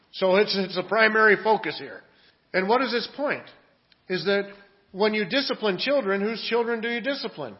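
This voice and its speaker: Man pastor, conversational sermon, slightly raised pitch, dull lo-fi sound. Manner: conversational preaching with frequent restarts and rhetorical questions.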